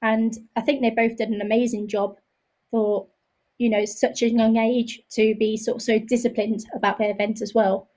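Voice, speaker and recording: A woman's voice: a little high, little pitch movement, normal speed, a little mellow. A woman co-commentating on a live sports event, encouraging and analytical.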